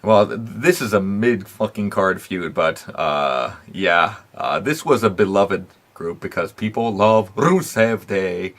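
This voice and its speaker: Profane, blunt man ranting. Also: low-pitched. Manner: profane, blunt, swears constantly; animated rants with frequent fillers and laughs. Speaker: wrestling podcast host. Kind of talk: casual opinionated recap.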